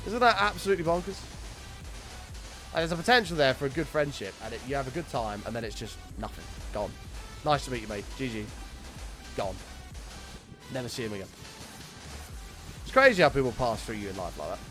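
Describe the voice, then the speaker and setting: A man's voice: mid-range voice, expressive, pushed and bright, soft background music. A young man streaming a game, chatting with his viewers and telling long, sweary stories in a casual way. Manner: chatty storytelling, sweary, quick to greet viewers. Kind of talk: casual chat with live chat while gaming.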